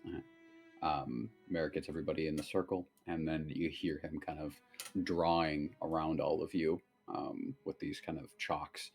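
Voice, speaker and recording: A very deep-voiced man runs a tabletop game as game master, describing the scene in a relaxed, rambling way with plenty of fillers. Faint music plays quietly behind him. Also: moderate pace, gravelly, breathy edge. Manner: relaxed, loose narration with many fillers.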